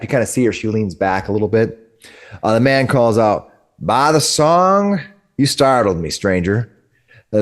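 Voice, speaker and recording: A man's voice: fairly low pitch, a little mellow. Young guy game master, narrates with lots of uh's and restarts. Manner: hesitant, many uh's and restarts.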